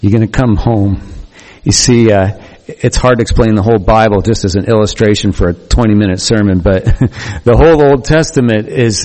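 A male pastor giving a conversational, animated sermon in a church, with frequent restarts. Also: on the low side. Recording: long reverb of a church hall.

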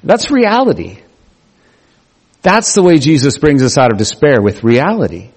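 A man preaching a sermon in a conversational, animated way, acting out the voices he quotes. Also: a little high, moderate pace, slightly rough. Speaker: pastor. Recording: long hall reverb.

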